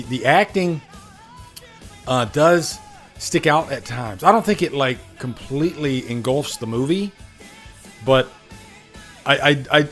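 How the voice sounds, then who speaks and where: A man's voice: medium pitch, fairly bright tone. A man hosting a casual live Q&A stream, chatty and emphatic, often checking in with "all right?" into a studio mic. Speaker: livestream host. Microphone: studio condenser mic.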